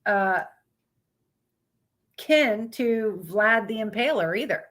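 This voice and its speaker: A woman's voice: a little high, animated, slow, a bit bright. A woman hosting a casual live stream, greeting viewers by name and reading out topics aloud with stumbles and blunt asides.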